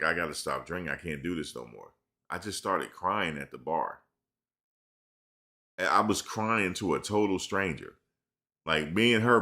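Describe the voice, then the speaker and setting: A man's voice: sits low, bright, forceful tone. A man chatting on a live stream, rambling loosely through stories in slang and reading viewers' questions aloud. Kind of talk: casual live-stream chat. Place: at home in front of a camera.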